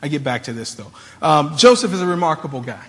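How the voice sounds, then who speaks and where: A man's voice: a little high, animated, quick pace, long reverb tail. A man preaching a sermon as a pastor, in a casual, conversational way with slangy asides.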